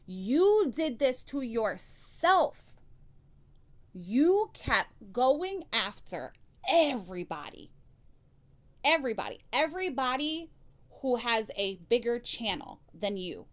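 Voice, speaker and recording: A woman's voice: a little high, very animated, takes it slowly. Blunt woman scolding in commentary. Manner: blunt, scolding, swears freely. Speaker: commentary channel host. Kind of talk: reaction commentary.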